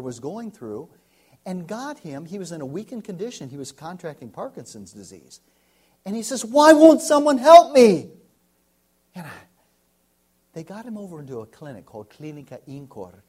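An American man, a pastor, preaching a sermon and telling a story, swinging from loud to hushed. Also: fairly high pitch, husky. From United States.

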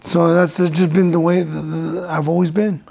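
A man in his forties speaks in a slightly high, gravelly voice. As a guest in a relaxed interview, he tells stories in a loose, rambling way, stumbling over repeated words and slipping in Spanish slang. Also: normal speed. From United States. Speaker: guest, former boxer. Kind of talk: casual interview storytelling.

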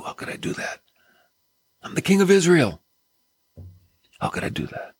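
A man preaching a sermon in an earnest, exclamatory way, sometimes dropping to soft near-whispers. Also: medium pitch, slightly rough, dry recording.

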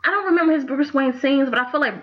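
A woman's voice: sits high, quick pace. A woman co-hosting a podcast, chatting casually and giving strong opinions with frequent laughter. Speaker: podcast co-host. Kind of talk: casual chat. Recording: dull lo-fi sound.

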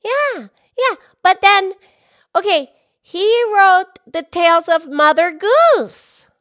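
A very high, sparkling voice belongs to a curious cartoon pig, as a woman puts her on. She chatters excitedly and peppers her co-host with eager questions. Her tone is sharp and bright throughout this playful kids' podcast. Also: takes it slowly, exaggerated voice. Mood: bubbly.

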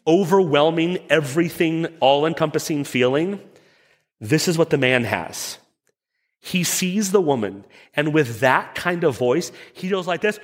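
Animated, conversational male preacher. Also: on the high side, long reverb tail. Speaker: pastor. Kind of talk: sermon.

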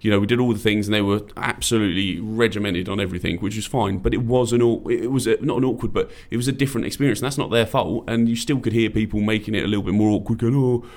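A man's voice: fairly low pitch, fast, few pauses, darkish tone. A British man in his thirties co-hosting a podcast, rambling and joking in casual chat. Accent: British English. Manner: rambling, jokey, puts on drunk-bloke voices. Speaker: podcast co-host.

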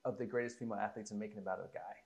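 A man's voice: lowish voice, racing. Laid-back male film buff. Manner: relaxed, enthusiastic film fan, casual swearing. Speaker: podcast co-host. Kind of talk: casual movie chat.

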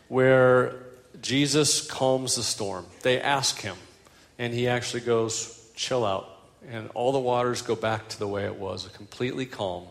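Older male pastor in an echoing hall. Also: mid-range voice. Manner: storytelling, animated with self-deprecating humor. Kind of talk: sermon.

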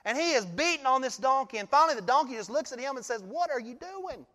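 A male pastor giving a sermon, telling the story in an animated way and often laughing. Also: extremely high pitch, quick pace, big-room sound.

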